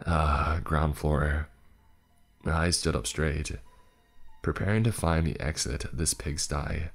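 A man's voice: extremely low pitch, vocal fry. A man narrating a horror story in the first person, with a dry, sarcastic storytelling manner.

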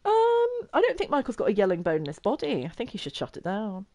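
A woman's voice: medium pitch, huge pitch swings, fairly quick, warm tone. A young woman chatting and giggling her way through a life-sim game as a streamer. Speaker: gaming streamer. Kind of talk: casual gameplay commentary.

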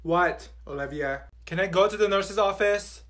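A man's voice: high-pitched, normal speed, fairly bright tone. A man voicing a whiny, rebellious teenage schoolgirl complaining to her teacher in a comedy sketch.

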